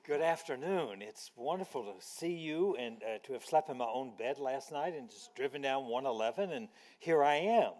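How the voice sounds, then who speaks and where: A man's voice: mid-range voice, animated, moderate pace, few pauses, darkish tone. An older man giving a storytelling lecture to a library audience, acting out quoted voices as he tells anecdotes. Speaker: guest speaker. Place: library auditorium. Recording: long hall reverb.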